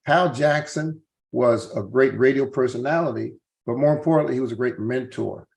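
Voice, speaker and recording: A man's voice: mid-range voice, normal speed, creaky, darkish tone. A man hosting an interview, speaking earnestly and often restarting his phrases. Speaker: interview host. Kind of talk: interview introduction.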